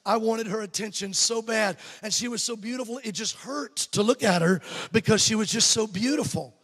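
Telling a funny story as part of his sermon, an Alabama-born evangelist in his fifties with a Southern American accent trades jokes with the crowd in a church sanctuary. He speaks briskly in a high-pitched, fairly bright voice, with big-room sound.

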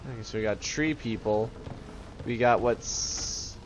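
A man's voice: lowish voice, a little slow, noisy background. A man casually commentating a video game, joking and talking to the enemies on screen. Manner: jokey, talks to game enemies in silly voices. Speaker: gameplay commentator. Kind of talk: let's play commentary.

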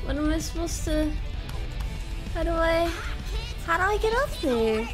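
A woman's voice: very high-pitched, big pitch swings, a little slow, pauses often. A woman streamer giving casual, jokey commentary while playing a video game, swearing, laughing and yelping in panic. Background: game music.

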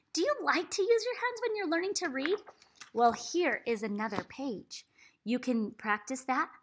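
A woman teaching young children to read, sounding out letters one by one and cheering them on with big, animated praise. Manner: big excited praise, gasps and swoops up in pitch. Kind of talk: read-aloud phonics lesson for kids.

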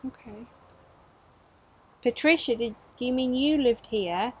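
A woman's voice: a little high, unhurried, breathy edge. A woman, a paranormal investigator, chatting casually and questioning spirits directly. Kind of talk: casual on-location chat.

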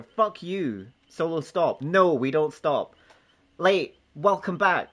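Man, live game streamer, fairly high voice, swings widely in pitch, jokey and sweary, laughs a lot. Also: lively intonation, normal speed, a bit bright. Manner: joking, swearing, bantering with chat and friends; laughs often. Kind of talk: casual gaming stream chat.

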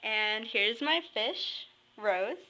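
Excitable woman vlogger, high and very animated, bright tone, chatty casual delivery. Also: extremely slow, rough recording. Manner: excitable, squealing and nervous giggling. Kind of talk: casual vlog narration.

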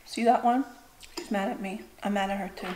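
A woman in her thirties, a mother giving casual advice while eating on her vlog. She talks in a chatty, animated way and keeps acting out other people's lines. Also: mid-range voice, fairly quick, very noisy. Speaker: mukbang and recipe vlogger, mother. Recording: roomy echo with clattering dishes.

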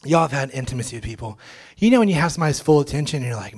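A young man, a pastor, telling his testimony to a church congregation in a casual, slangy way, at times breaking into loud joyful shouts. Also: medium pitch, animated, very fast. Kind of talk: testimony sermon. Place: church sanctuary.

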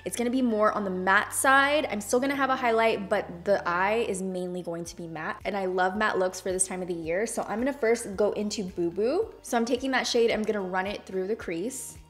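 Young woman vlogger, excitable and chatty, mid-range voice, casual tutorial delivery. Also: medium pitch, a little fast, few pauses. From Hispanic background, speaks without Spanish accent. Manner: bubbly, enthusiastic, chatty. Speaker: beauty YouTuber. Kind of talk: makeup tutorial talk.

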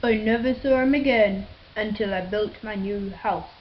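A woman's voice: mid-range voice, moderate pace, highs cut off, a little hiss or hum, lightly acted. Woman narrating as a boastful tree-chopping builder. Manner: boastful, sing-song rhyming. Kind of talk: rhyming storybook narration.

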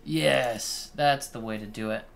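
A man's voice: medium pitch, a little slow, creaky. A man casually commenting on a game he's playing with friends, laid-back and swearing when startled. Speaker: let's play host.

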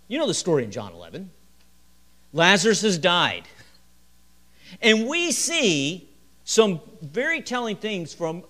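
Lively, animated preacher man. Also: fairly high pitch. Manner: lively, storytelling delivery with chuckles and acted quotes. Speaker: pastor. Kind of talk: midweek sermon. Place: church sanctuary.

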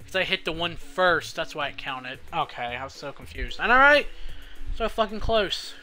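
A man's voice: fairly high pitch, expressive, moderate pace, bright, forceful tone, soft background music. A young man streaming a pool game live, swearing and pleading with the balls as he plays. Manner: swearing, exasperated, talks to the game. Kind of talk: live gaming stream commentary.

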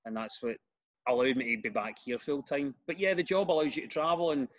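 A middle-aged Glaswegian man, a comedian and radio host, chatting as a podcast guest and telling animated stories with lots of restarts. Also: mid-range voice, a little fast, muffled recording. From Scotland. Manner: animated storyteller, repeats words when starting sentences. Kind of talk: casual interview chat.

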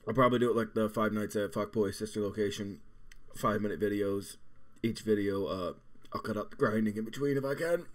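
A gaming channel host in his twenties chats casually in a vlog while suffering through a hot pepper, his voice on the low side. Teary and burning, he groans, swears, and breaks off mid-sentence.

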